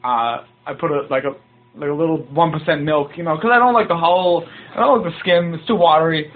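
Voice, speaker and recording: A man telling a rambling, deadpan comic story. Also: fairly high pitch, fairly quick. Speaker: comedy podcast guest doing bits. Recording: tinny phone-like sound.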